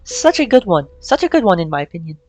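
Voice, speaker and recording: A woman streamer chatting casually while playing a game, excitable and swearing freely. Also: fairly low pitch, quick pace. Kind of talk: casual gameplay chat. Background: faint game music.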